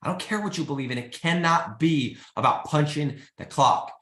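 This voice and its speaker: A man's voice: fairly high pitch, normal speed, roomy sound. A man hosting a live business show, talking casually and urging listeners to get started, often calling out "guys". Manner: energetic, pleading, says "guys" and "freaking" often. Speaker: host. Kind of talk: motivational live-stream talk.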